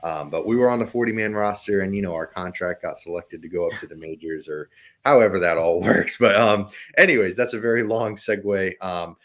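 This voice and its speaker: A man hosting a casual sports podcast, easygoing and quick to laugh, with lots of ums. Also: low voice. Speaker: podcast host.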